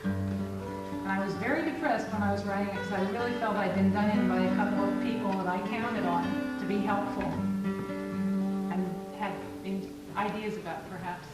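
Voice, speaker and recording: Relaxed woman folk singer introducing songs. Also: mid-range voice, normal speed. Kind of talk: stage talk at a concert. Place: live concert in a recording studio. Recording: echoey live recording from far off with loud guitar.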